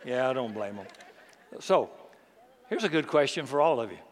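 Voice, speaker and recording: A middle-aged man preaching a sermon in an animated, conversational way with touches of humor. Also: mid-range voice, normal speed, a little hiss or hum. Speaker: pastor. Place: large church hall. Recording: long hall reverb.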